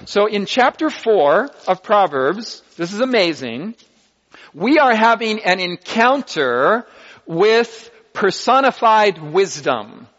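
A man with a high, fairly bright voice preaches a sermon, teaching deliberately while reading scripture aloud and commenting on it. The recording, made in a hall, sounds dull and lo-fi.

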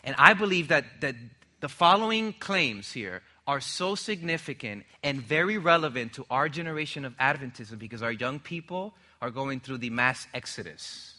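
A man's voice: mid-range voice, lively intonation, normal speed, bright, forceful tone. A young man preaching a sermon, emphatic and drawing the congregation in with call-and-response questions. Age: young adult.

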